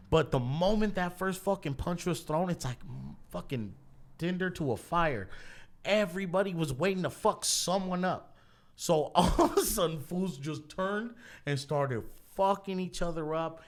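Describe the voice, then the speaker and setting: A man's voice: a little high, measured pace. A man telling wild stories in casual podcast chat, swearing freely and laughing as he quotes people. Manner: profane, laughing storyteller, animated quoting. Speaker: podcast host. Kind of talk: casual storytelling.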